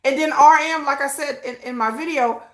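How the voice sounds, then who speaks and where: A woman's voice: high-pitched, a little fast, reverberant. A woman hosting a casual livestream, talking expressively, swearing freely and answering viewer comments. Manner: animated, expressive, swears freely, frequent "I'm like" asides. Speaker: livestream host. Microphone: streaming setup.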